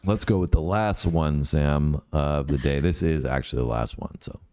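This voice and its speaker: A man's voice: extremely low pitch, moderate pace, a little mellow. A Canadian man co-hosting a casual chat, joking and rambling as he reacts to comments. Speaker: co-host.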